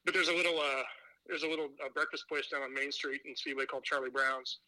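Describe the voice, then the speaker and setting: A man's voice: fairly high pitch, steady tone, quick pace, pushed and bright, no room sound, rough recording. A man chatting as a podcast guest, telling rambling stories full of fillers and restarts. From Indiana. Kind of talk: casual chat.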